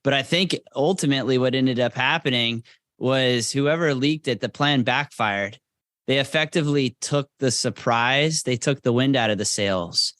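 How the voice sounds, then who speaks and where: A man explains events at a measured pace, stopping for small fillers. The sound is dry and close, with no room echo. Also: mid-range voice, fairly bright tone. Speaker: guest, attorney and radio host. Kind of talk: casual talk.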